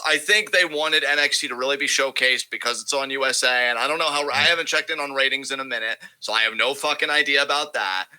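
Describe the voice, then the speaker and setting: Bright-voiced man ranting on a podcast. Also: mid-range voice, rough recording. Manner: profane, rambling, emphatic. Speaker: podcast co-host. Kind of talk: casual wrestling podcast chat.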